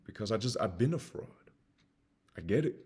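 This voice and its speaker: A young man in his twenties with a faint Southern US accent, talking earnestly to camera as a self-improvement host. He is emphatic and repetitive, swinging between loud urging and quiet confession. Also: lowish voice, lively intonation, fairly quick, husky. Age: 20s. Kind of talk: earnest personal monologue.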